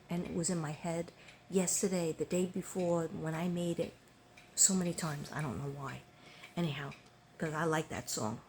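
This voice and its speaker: A woman's voice: lowish voice, a little mellow, a little hiss or hum. An older woman chatting casually to her viewers, rambling with many ums and restarts. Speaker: vlogger.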